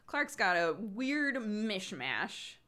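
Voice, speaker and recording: A woman's voice: mid-range voice, big pitch swings, very slow, sharp tone. A woman streamer chatting casually with viewers, talkative and laughing often, with many fillers. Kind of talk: casual livestream chat.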